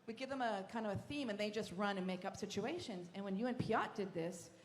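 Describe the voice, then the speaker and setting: A woman moderating a live convention panel, effusive and quick, often restarting her sentences. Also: mid-range voice, animated. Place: large convention hall stage. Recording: reverberant hall with crowd ambience.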